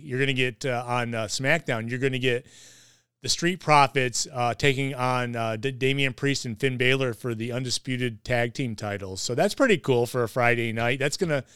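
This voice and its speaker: A man's voice: mid-range voice, moderate pace, bright, forceful tone, smooth, dry recording, studio quality. A man hosting a casual wrestling podcast, rambling with lots of fillers and restarts. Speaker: podcast host.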